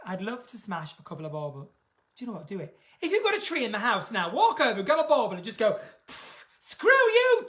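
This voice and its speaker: A British woman hosts a live stream from home, camp and theatrical, reading out comments. Her voice is bright and sits a little high. She jumps between loud exclamations and muttered asides. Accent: British English. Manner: camp, theatrical, reads viewer comments aloud; big swings in pitch and loudness, sudden exclamations. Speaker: singer hosting a live stream. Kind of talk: chatty live-stream banter.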